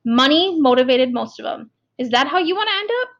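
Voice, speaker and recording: A woman doing a stern, booming prison warden. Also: animated, a little fast, a bit bright, muffled recording. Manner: lecturing, scolding, booming. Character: stern, hot-tempered middle-aged male prison warden.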